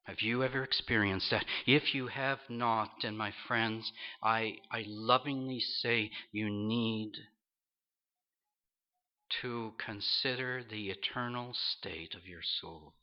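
A man's voice: fairly low pitch, slow. A man preaching a storytelling sermon, earnest, acting out the voices of people in his story. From Toronto area, Canada. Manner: earnest, acts out quoted voices. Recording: dull lo-fi recording.

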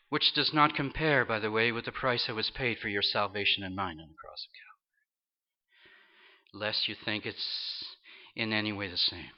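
A man preaching a storytelling sermon, earnest, acting out the voices of people in his story. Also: on the low side. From Toronto area, Canada. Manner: earnest, acts out quoted voices. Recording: dull lo-fi recording.

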